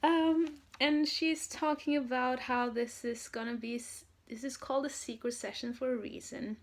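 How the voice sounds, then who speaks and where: A young woman from Norway telling a story in a casual vlog, gushing and excited, with lots of "um" and "like". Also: high-pitched, normal speed. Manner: excited, gushing, many fillers. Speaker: vlogger, fan.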